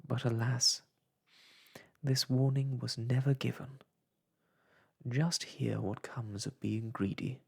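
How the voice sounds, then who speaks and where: Whispered role-play reader for a bedtime tale: slow, breathy, a touch gravelly. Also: mid-range voice, fairly even intonation. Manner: soft, slow whispered reading of an old children's book. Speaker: storyteller.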